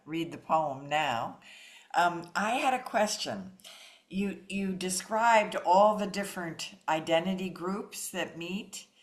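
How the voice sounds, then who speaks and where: A woman in the audience asking a question, halting and hesitant. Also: deep voice.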